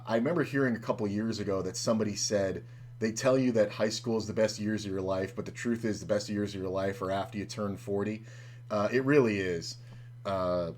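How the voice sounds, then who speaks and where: A podcast host in his forties tells a story casually and animatedly, swearing freely and acting out the dialogue. His voice is fairly low in pitch.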